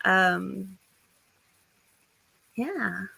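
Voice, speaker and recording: Slow-talking, bright-voiced woman streamer. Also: mid-range voice, expressive, creaky, breathy edge, low-quality recording. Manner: chatty, thinks aloud, reads writing aloud. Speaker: livestream host of writing sprints. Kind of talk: casual livestream chat.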